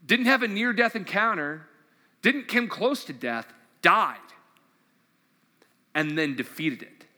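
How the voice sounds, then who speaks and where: A man's voice: high voice, big pitch swings, takes it slowly, pushed and bright. A man preaching a sermon, enthusiastic and conversational, reading scripture and asking his listeners questions. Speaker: pastor. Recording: long hall reverb.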